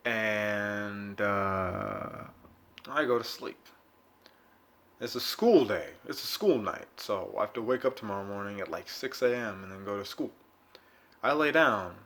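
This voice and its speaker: A young man vlogging, telling a rambling, profane story in a casual monologue with sudden loud bursts. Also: fairly low pitch.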